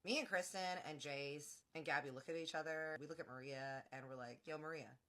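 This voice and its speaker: Low, bright-voiced gossipy woman storyteller. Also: fairly quick. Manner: animated, gossipy, swears casually, acts out quotes. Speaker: storytime vlogger. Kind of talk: storytime narration.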